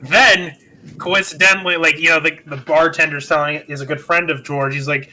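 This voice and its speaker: A man's voice: on the high side, steady tone, brisk, pushed and bright, slight background noise, poor audio. A man hosting a podcast, casually retelling a film with loose, swearing comedic chat. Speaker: podcast host.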